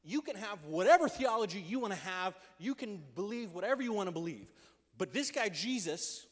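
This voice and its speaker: A man's voice: high-pitched, brisk. A man preaching a casual youth sermon in a church, talking energetically and conversationally. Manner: energetic and conversational, acting out quotes in voices. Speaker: youth pastor. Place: church hall. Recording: long reverb of a large hall.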